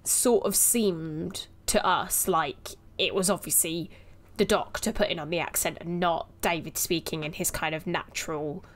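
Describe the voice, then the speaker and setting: A woman in her twenties chats on a podcast, laughing easily and often. Her voice sits a little lower than most women's, and she answers her co-host in a loose, chatty flow. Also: steady tone, unhurried. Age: 20s. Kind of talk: casual chat.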